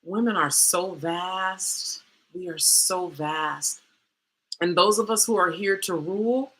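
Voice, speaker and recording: A woman who works as a coach and host tells a candid personal story, animated and dramatic, dropping slangy asides like "girl" and "baby." Her voice is medium in pitch.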